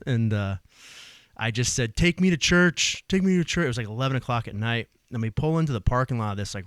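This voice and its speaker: A man in his forties from New Jersey with a Jersey accent, telling his life story in an animated, casual way. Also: on the low side, clear, resonant tone, no echo, clean studio sound. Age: 40s. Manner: animated storytelling, acts out voices, swears casually. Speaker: guest, EMS worker. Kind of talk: casual conversation.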